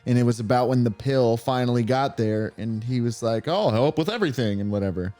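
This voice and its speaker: A young man co-hosting a casual chat over a video game, telling stories with lively flair. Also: mid-range voice, fairly quick, soft background music. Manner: animated storyteller, acts out voices in bursts. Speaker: co-host. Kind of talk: casual chat while gaming.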